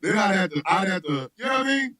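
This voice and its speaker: A man hosting a radio show, chatting loosely and telling comic stories, laughing often and shouting his punchlines. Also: sits high, fast talker, no echo, poor audio. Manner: loud, laughing, animated storyteller who shouts punchlines. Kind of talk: loose comedic chat with storytelling.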